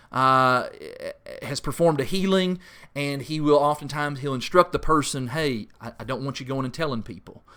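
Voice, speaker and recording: A man leading a church Bible study, teaching in a conversational way with many fillers and lively acted-out quotes. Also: smooth. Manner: rises sharply in pitch when mimicking pleading voices.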